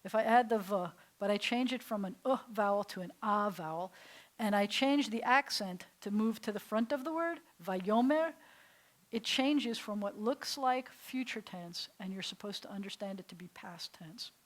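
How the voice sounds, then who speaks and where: A woman rabbi teaching a Hebrew class, explaining with enthusiasm and often dropping to soft, breathy whispers for emphasis. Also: on the high side, a little slow, poor audio. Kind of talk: classroom lesson. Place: synagogue classroom.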